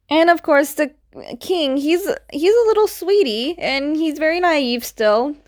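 A woman casually recapping a comic book story, chatty and quick with asides, filling her retelling with "like". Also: high voice, no room sound, studio quality.

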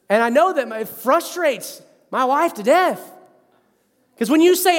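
Animated high-voiced pastor in a reverberant church. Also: male voice, unhurried. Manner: animated storyteller who acts out quotes. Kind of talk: sermon. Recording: long hall reverb.

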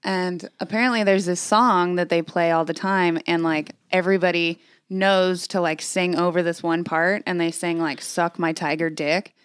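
A woman's voice: lowish voice, steady tone, normal speed, few pauses, clean tone, no echo, clean studio sound. A young woman co-hosting a podcast, telling stories in casual chat with fillers and lots of swearing. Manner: swears a lot, storytelling with fillers. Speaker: podcast co-host.

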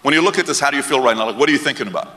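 A man's voice: mid-range voice, very fast, bright, forceful tone. A man giving a motivational stage talk, punchy and constantly firing questions at his audience. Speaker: seminar speaker. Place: stage in a large hall with an audience. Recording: long hall reverb.

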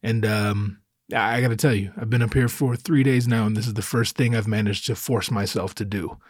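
A man's voice: fairly low pitch, steady tone, a little fast, breathy edge, no echo, clean studio sound. Profane rambling man, slightly breathless. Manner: profane, rambling, darkly self-mocking. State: a little out of breath. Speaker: podcast host. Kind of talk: casual solo podcast monologue.

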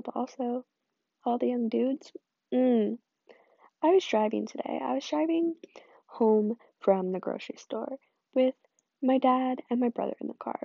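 A teenage girl telling a casual fan story, animated and gushing, swearing freely and filling with "like". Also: on the high side, gravelly, slightly rough, no echo. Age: teens. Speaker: vlogger. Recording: muffled lo-fi mic.

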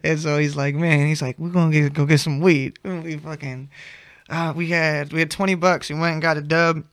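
A man's voice: on the high side, level tone, a little fast, fairly bright tone, no room sound, studio quality. A man telling a rambling, profane story in casual slang.

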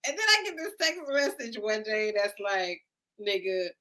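A woman's voice: a little high, sing-song, moderate pace, pushed and bright. A woman co-hosting a casual chat, emphatic and repeating words for effect. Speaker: podcast co-host.

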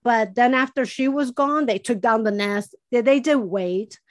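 A woman's voice: fairly high pitch, moderate pace. A woman co-hosting a podcast, chatting casually and laughing as she tells stories. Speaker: podcast co-host. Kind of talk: casual chat.

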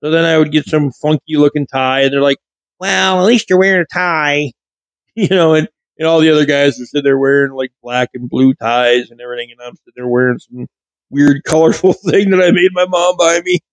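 A man's voice: fairly high pitch, steady tone, a little fast, no room sound, low-quality recording. Rambling man telling stories, dry close mic. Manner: rambling, frequent self-corrections. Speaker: vlogger. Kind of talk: casual storytelling monologue. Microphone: studio mic with pop filter.

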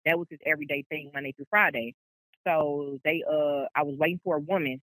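A woman's voice: low-pitched, fairly even intonation, fairly quick, a bit bright, dry recording, rough recording. Rambling woman telling her story. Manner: rambling, quotes people, frequent "like"s and restarts. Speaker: truck driver guest. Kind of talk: casual storytelling in an interview.

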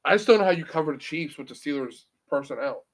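A man co-hosting a casual sports podcast, his voice pitched a little high. He banters in a brash, joking way and swears freely. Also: expressive, fast talker.

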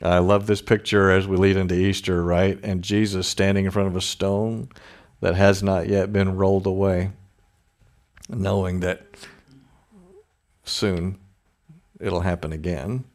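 A man's voice: sits low, little pitch movement, measured pace, long pauses. A man preaching a conversational sermon, with informal asides and chuckles. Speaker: pastor.

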